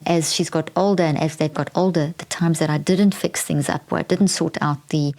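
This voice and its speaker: A woman's voice: deep voice, fairly even intonation, normal speed, vocal fry, a little mellow. A middle-aged woman hosting a podcast, telling a candid personal story in a reflective way, with frequent restarts. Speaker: podcast host.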